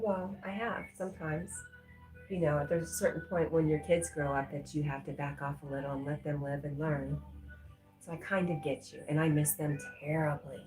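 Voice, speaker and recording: A middle-aged woman hosts a relaxed livestream, reading viewers' messages aloud and answering them with easy laughter. Her voice sits low and mellow. The room is echoey, with faint music playing underneath. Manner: reads chat messages aloud and chats back, laughing often. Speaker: livestream host reading chat. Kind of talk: casual livestream chat.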